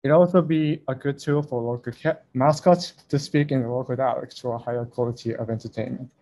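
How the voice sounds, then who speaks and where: A young man walks his listeners through his research at an online conference. His voice is mellow and relaxed, with a careful, slightly hesitant delivery that stays close to the middle of his range, heard through a video call microphone. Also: medium pitch, brisk. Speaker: conference presenter. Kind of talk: academic talk over a video call.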